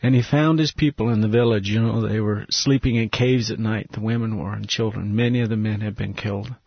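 A man, a missionary guest in an interview, telling an earnest, emotional story and dropping to a hushed voice at tender moments. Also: fairly low pitch, fairly even intonation, fairly quick, vocal fry, husky, dry recording, muffled recording.

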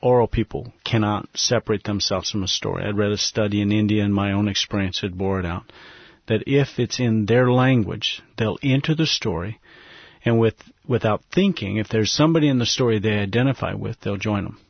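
A man, a missionary guest in an interview, telling an earnest, emotional story and dropping to a hushed voice at tender moments. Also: fairly low pitch, fairly quick, creaky, husky, dry recording, dull audio.

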